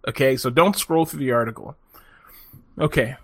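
A man telling a long story in a profane, animated way, often laughing as he talks in casual chat. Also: mid-range voice, moderate pace, no echo, clean studio sound.

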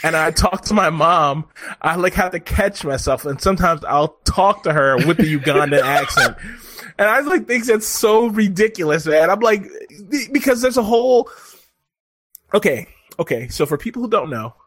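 Animated, laughing podcast guy. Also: fairly high pitch, moderate pace, no echo, studio quality. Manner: animated, laughs often, rambling explanations. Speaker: podcast co-host. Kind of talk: casual chat.

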